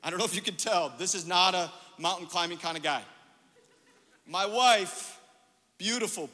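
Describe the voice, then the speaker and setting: A man preaching a sermon as pastor, telling a story with lively quoted dialogue. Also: sits high, moderate pace, big-room sound.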